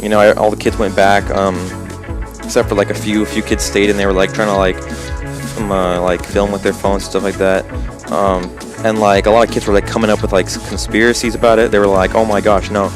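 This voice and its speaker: A man's voice: on the low side, flat delivery, a little fast, music in the background. A teenage boy and gaming channel host telling a story casually, rambling with lots of fillers. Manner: rambling, full of "like" and "um".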